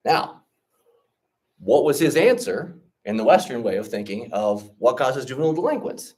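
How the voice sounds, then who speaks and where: Animated guy teaching an orientation class, tells stories, keeps asking okay? right?, voice swings up and down a lot. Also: medium pitch, moderate pace, distant mic. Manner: animated, checks in often with 'okay?' and 'right?'. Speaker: trip leader and teacher. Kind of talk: orientation talk with storytelling.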